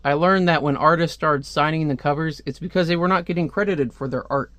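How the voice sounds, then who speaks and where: Young male comic reviewer, slightly high voice, rambling and chatty, dry close recording. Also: brisk, a bit bright, no room sound. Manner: rambling, chatty asides with frequent fillers. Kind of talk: casual comic book review.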